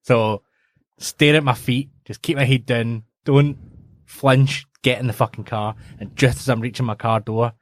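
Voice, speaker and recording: A man's voice: mid-range voice, steady tone, a little slow, no echo. Male co-host, sheepish hesitant storyteller, dry close mic. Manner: self-deprecating, hesitant storyteller. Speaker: podcast co-host. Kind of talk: casual comedic chat.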